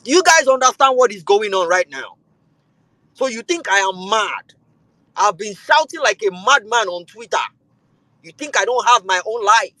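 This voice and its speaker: Nigerian man, heated political rant, high voice, dry close sound. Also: normal speed, no echo, rough recording. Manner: switches between calm and loud, heated delivery. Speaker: show host.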